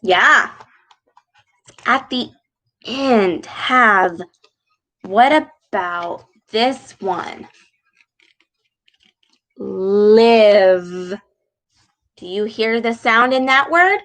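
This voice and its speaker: A woman reads a children's storybook aloud, then teaches a speech sound. Her voice sits a little high, and she draws every word out very slowly. Her delivery is exaggerated and encouraging, the way a speech clinician talks to small children. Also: expressive, pushed and bright.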